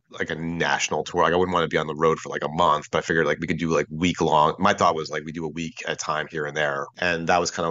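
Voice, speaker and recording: A very deep male voice in his forties, quick and bright in tone, rambling through a casual chat full of filler words and loose swearing. He comes across a dull, lo-fi internet call. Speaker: podcast guest, former bandmate. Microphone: video call.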